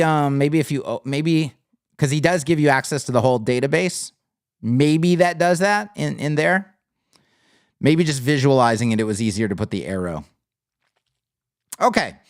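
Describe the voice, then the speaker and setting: A man's voice: medium pitch, smooth, no room sound, clean studio sound. A man from the United States hosting a live business stream, talking casually and reading the chat, with many fillers and repeated phrases. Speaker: livestream host.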